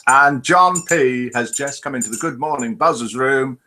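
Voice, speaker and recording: A man with a medium-pitched, bright, forceful voice hosts a casual live online show at normal speed. He chats away while reading out scores and greeting viewers by name.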